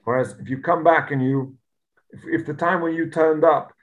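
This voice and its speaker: Guy giving a talmud class, kinda high voice, explains every line with punch. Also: fairly even intonation, normal speed, narrow, tinny audio. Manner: explains Aramaic text line by line in English, emphatic. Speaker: Talmud teacher. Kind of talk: Talmud lesson.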